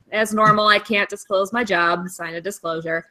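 A woman who streams games, guesting on a podcast. Her voice is bright and clear. She speaks slowly and hesitantly, filling her pauses with ums and giggles. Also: medium pitch, fairly even intonation, poor audio. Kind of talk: casual podcast chat.

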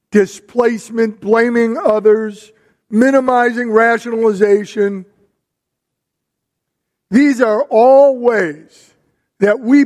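A middle-aged man preaches in an unhurried storytelling way, leaning on pauses between phrases. His voice sits high for a man. A long hall reverb hangs behind every phrase. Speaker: pastor. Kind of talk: sermon.

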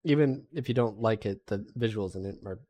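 A man's voice: fairly low pitch, warm tone. A man in a casual chat among friends, rambling with lots of fillers. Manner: quick, rambling, filler-heavy.

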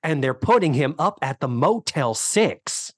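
Male podcast co-host, expressive and chatty, dry studio mic. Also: on the high side, measured pace, husky, no room sound. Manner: animated, acts out characters' lines in quotes. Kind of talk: casual chat recapping a sitcom episode.

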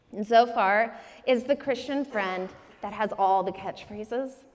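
A woman giving a sermon-style teaching talk, acting out the quoted lines with lively changes of voice. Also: a little high, unhurried. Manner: acts out quotes with shifting voices. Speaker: speaker at a church breakout session. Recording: long reverb in a large room.

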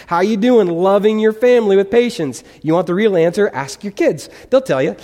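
A man's voice: high-pitched, expressive, brisk, warm tone. A male pastor preaching a sermon in an earnest, conversational way, putting questions to his congregation in a church. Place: church sanctuary. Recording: long reverb of a large hall.

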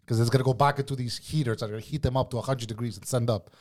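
Guesting on a podcast, a kitchen cook tells a work story in a casual chat, his mid-range, darkish voice racing along with hardly a pause. He rants bluntly and profanely, calling everyone "bro" nonstop.

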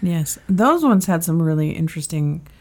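A woman's voice: on the low side, lively intonation, normal speed, a little mellow. A young woman co-hosting a podcast in casual chat, chatty and often trailing off while she searches for names. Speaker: podcast co-host.

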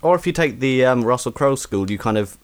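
A man chats casually as a podcast co-host. His voice is middle-pitched and his humour is dry and understated. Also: animated, brisk. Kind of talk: casual chat.

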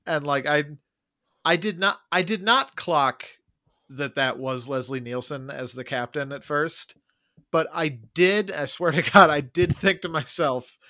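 A man talking through a film on a podcast, thoughtful and wry, often hedging. His voice is a little high. It has a bright, sharp tone. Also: measured pace. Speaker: podcast co-host. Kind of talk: casual movie discussion.

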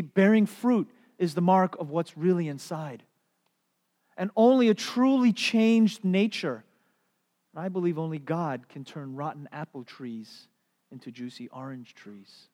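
A middle-aged pastor preaches in a fairly high, slightly raised and a little mellow voice, unhurried, as it rings through a long, reverberant church sanctuary. He tells stories with animation, slipping into playful voices along the way.

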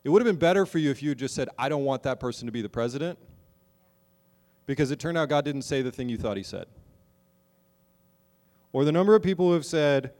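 A man preaching a sermon to his congregation, moving from wry, conversational asides to loud, slow, emphatic exhortation. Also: mid-range voice, lively intonation, big-room sound. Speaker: pastor.

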